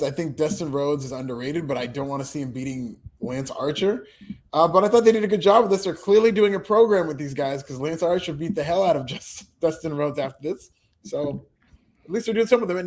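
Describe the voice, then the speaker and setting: Co-host, male, slightly high voice, relaxed opinions, laughs readily. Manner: easygoing, quick to laugh, opinionated. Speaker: podcast co-host. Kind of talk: casual chat.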